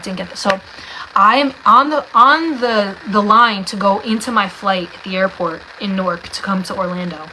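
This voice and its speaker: A woman's voice: medium pitch, normal speed, pushed and bright, a little hiss or hum, poor audio. A young woman from New Jersey telling a faith testimony in a chatty way, full of "like" and acted-out dialogue. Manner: chatty, lots of "like", acts out dialogue. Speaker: vlogger sharing a faith testimony. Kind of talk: casual storytelling testimony.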